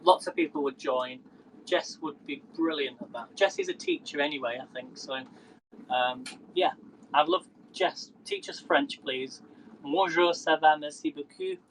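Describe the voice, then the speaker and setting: A man's voice: medium pitch, big pitch swings, a little slow, a bit bright, slight background noise, poor audio. A man chatting casually to viewers during a live cooking stream, often laughing and greeting people by name. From England. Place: home kitchen.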